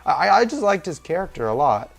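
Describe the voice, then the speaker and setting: A man's voice: fairly high pitch, big pitch swings, fairly quick, gravelly, faint music behind. A young man talking through a movie review in a casual, rambling, informal way.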